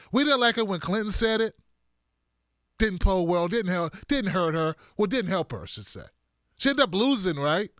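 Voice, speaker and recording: A man's voice: high-pitched, bright, forceful tone, clean tone, no room sound, studio quality. A male host of a political commentary stream, combative, sarcastic and profane.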